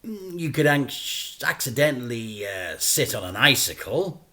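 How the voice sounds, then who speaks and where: Male teacher, storybook reader, lively and bright, unhurried delivery. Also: mid-range voice. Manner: expressive, playful. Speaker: teacher reading to children. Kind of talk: storybook reading.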